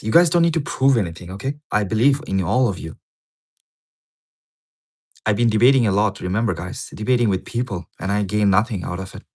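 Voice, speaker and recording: Low-voiced man rambling on a livestream. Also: darkish tone. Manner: rambling, repeats words, swears casually. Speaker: livestreamer reading a paper. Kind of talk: casual livestream commentary.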